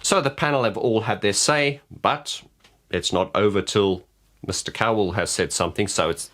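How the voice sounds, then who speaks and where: A man's voice: fairly low pitch, moderate pace, fairly bright tone. A man vlogging to camera, giving frank opinions in a blunt way and often restarting his words. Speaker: vlogger and vocal coach. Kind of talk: casual opinion rant to camera.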